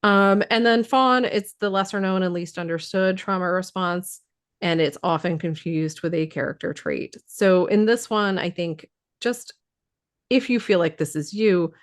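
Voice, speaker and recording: A woman's voice: on the low side, a little slow. A woman who is losing her voice explains trauma responses in casual talk, thoughtful, with many fillers and restarts.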